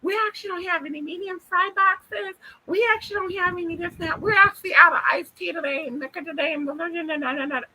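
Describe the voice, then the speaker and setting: A man voicing a weary female fast-food worker reciting apologies in a flat way. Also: extremely high pitch, slight background noise, pitched above the performer's own voice, full character voice, low-quality recording. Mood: apologetic.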